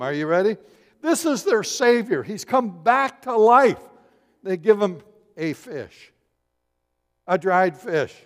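High-voiced man preaching in a hall. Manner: humorous, animated storytelling with voices. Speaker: pastor. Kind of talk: sermon. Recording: long hall reverb.

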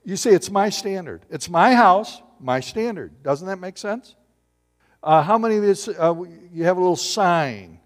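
A man preaching a sermon as pastor, animated and joking with his congregation. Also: sits high, normal speed. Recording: long hall reverb.

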